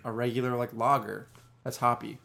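A man in his twenties co-hosting a casual podcast, talking in a relaxed, hesitant way full of restarts. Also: mid-range voice, fairly quick, creaky. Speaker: podcast co-host. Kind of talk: casual chat.

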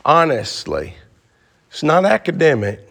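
A man's voice: a little high, sing-song, measured pace, creaky, a bit bright, husky. A man teaching an interactive Bible class, joking and asking the class questions.

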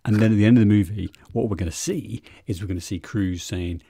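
A man co-hosting a casual comedic podcast about a movie, rambling and animated, swearing freely. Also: on the low side, quick pace, gravelly, few pauses, breathy edge, no echo, studio quality. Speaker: podcast co-host.

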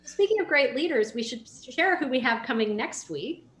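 A woman's voice: high-pitched, animated, normal speed, fairly bright tone. A woman co-hosting a podcast interview, speaking effusively and full of praise. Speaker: podcast co-host. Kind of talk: casual interview chat. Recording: roomy echo.

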